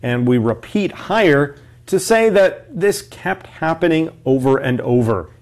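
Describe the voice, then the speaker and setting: Slow-talking man teaching vocabulary. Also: on the high side, animated, a little mellow. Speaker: English teacher. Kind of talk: explaining a story for learners.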